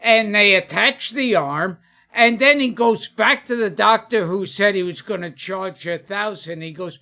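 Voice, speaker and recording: A comedian on a podcast who tells jokes haltingly, full of uhs and ums, and laughs at his own punchlines. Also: high voice, sharp tone. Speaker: comedian guest. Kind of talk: joke-telling podcast chat.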